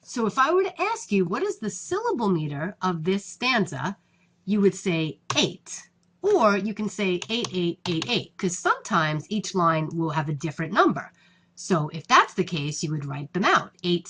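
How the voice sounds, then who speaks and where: A woman explains poetry in a slow, lively lecture, her pitch rising and falling as she walks through each step. Her voice is somewhat husky, and her manner stays patient throughout. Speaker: teacher.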